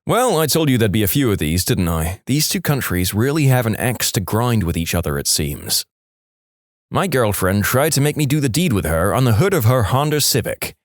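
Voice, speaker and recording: A man hosting a podcast, reading jokes aloud in a deadpan way. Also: mid-range voice, moderate pace, dry recording, studio quality. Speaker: podcast host.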